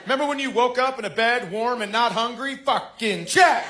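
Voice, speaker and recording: A man's voice: very high-pitched, fast, roomy sound. A man in his forties doing a stand-up routine, telling wry stories about his daughter and acting out her lines. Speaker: stand-up comedian. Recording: noisy live club recording.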